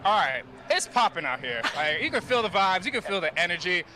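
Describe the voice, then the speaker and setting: A man reporting live from a keynote hall, excited and energetic. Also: high-pitched, fairly quick, slight background noise. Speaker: event correspondent.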